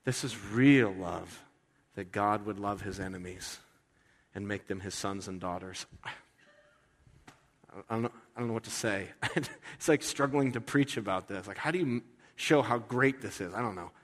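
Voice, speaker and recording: A man's voice: fairly low pitch, moderate pace, a bit bright, in a large hall. A man preaching a sermon in a conversational, earnest way, often restarting his sentences. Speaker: pastor.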